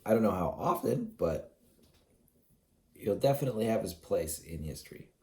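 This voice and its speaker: A man with a lowish, mellow voice speaks at a normal pace yet sounds animated. He rambles through a solo vlog, musing aloud with plenty of fillers and restarts, chuckling now and then while sounding sleepy and yawning.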